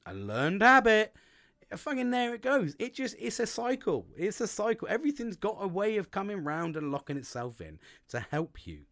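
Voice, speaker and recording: Lively sweary man talking. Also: sits high, brisk, few pauses. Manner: swears a lot, acts out inner voices. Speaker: podcast host. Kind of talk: casual monologue.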